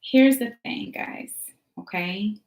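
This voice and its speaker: A woman's voice: mid-range voice, slow, darkish tone. A woman teacher hosting a motivational talk, speaking in an emphatic, preachy style with repeated phrases and casual slang. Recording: roomy echo.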